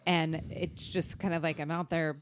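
A woman co-hosting a casual sports talk show, chatty and expressive. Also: sits low, moderate pace, no echo.

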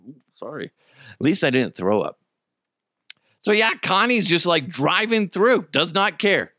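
A man's voice: high-pitched, a little slow, dry recording, studio quality. A middle-aged man hosting a casual solo podcast, telling crude jokes and stories while hiccuping. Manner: crude, joking, animated storytelling. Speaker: podcast host.

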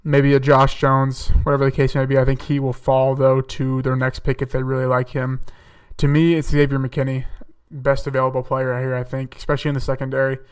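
A young man with a mid-range voice hosts a casual solo mock-draft podcast, chatting through football picks. He keeps an even tone, pauses on fillers, and corrects himself; his smooth, clear sound sits a bit back from a distant mic.

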